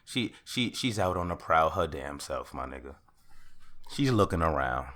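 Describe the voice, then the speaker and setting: A young man hosting his own podcast, ranting in a casual monologue that swings from loud outbursts to calmer talk. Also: very deep voice, normal speed. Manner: rants loudly, then calms down. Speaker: podcast host.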